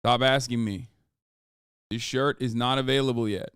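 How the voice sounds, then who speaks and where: Profane, exasperated male streamer, smooth voice. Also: mid-range voice, fairly even intonation, normal speed, a bit bright, dry recording, clean studio sound. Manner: profane, exasperated, reads chat comments aloud. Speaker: livestreamer selling merch. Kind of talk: casual livestream chat.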